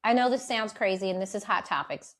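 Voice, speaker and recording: A woman's voice: mid-range voice, a little fast, a bit bright. A woman in her thirties co-hosting a podcast, chatting casually, laughing often and swearing freely. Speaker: podcast co-host. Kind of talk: casual chat.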